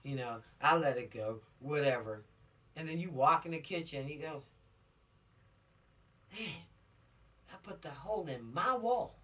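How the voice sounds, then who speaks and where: A man's voice: on the high side, expressive, unhurried, long pauses, a bit bright, distant mic. A man giving a casual spoken lesson to teenagers, preachy and direct, often asking rhetorical questions. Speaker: teacher of a law video series for teens.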